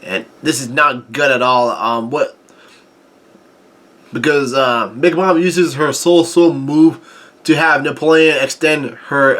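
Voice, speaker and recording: A man reading out the lines of a huge, fierce pirate empress obsessed with cake, in a halting recap voice. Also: medium pitch, a bit bright, close to an everyday voice.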